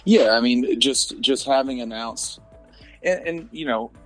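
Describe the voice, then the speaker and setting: Rambling forty-something American announcer. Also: male voice, medium pitch, unhurried, soft background music. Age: 40s. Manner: rambling, self-interrupting, joking. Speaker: podcast guest, motorsport announcer. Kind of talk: casual chat.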